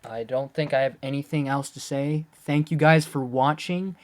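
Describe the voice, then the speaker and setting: A man rambling eagerly in casual gaming commentary, breaking off and restarting his sentences and jumping into high squeals when excited. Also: normal speed. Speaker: gaming video creator.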